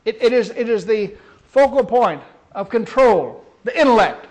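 A man's voice: extremely high pitch, expressive, moderate pace, darkish tone. A man minister delivering a sermon with emphatic, dramatic storytelling.

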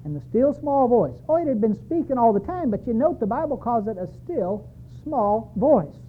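A man's voice: very high voice, big pitch swings, normal speed, slight background noise. A man preaching a sermon, telling his own story with emphatic repetition. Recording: tinny, phone-like sound.

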